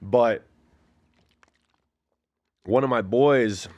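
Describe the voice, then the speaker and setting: A man in his forties, once a fighter, tells his story as a guest, speaking very slowly in a medium-pitched, slightly mellow voice. He rambles casually, leans on lots of fillers, and acts out the voices of people he quotes.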